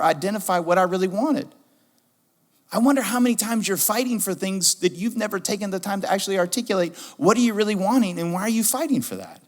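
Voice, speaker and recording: A middle-aged man preaching a sermon as pastor, animated and repeating his key questions for emphasis. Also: sits high. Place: church sanctuary. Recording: reverberant church hall.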